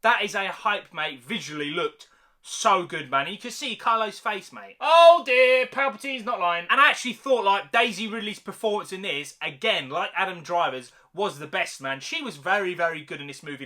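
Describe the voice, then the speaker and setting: A young man giving a casual, excited film review, full of slang, who keeps tagging sentences with "mate" and "man.". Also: high voice.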